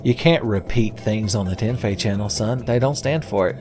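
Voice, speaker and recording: A man's voice: on the low side, a little fast, music in the background. A man hosting a casual let's-play video, rambling with sarcastic, profane jokes. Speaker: gaming video host.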